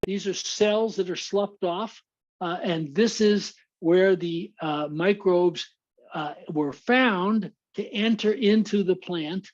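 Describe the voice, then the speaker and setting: A man's voice: sits high, takes it slowly, lo-fi sound. An American man giving a webinar lecture as a guest speaker, explaining slides with frequent uhs and restarts.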